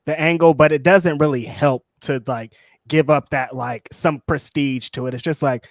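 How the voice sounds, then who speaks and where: A man's voice: on the high side, moderate pace, dry recording. Chill guy cohost, rambles and laughs easy, dry sound. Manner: relaxed, rambling, laughs easily. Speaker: podcast co-host. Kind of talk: casual wrestling chat.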